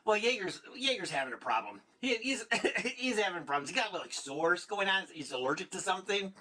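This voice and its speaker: A man's voice: high-pitched, very animated, brisk, bright, forceful tone. Rambling, self-mocking male stand-up comic. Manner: rambling, self-mocking, laughing at his own jokes. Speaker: stand-up comedian host. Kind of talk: stand-up comedy set. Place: comedy stage before a live audience. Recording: live club audience and ambient noise.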